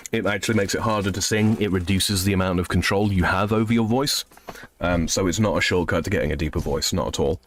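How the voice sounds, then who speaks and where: A man in his thirties streaming a game, casually rambling as he reads chat messages aloud and answers them. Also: on the low side. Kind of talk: casual live-stream chat while gaming.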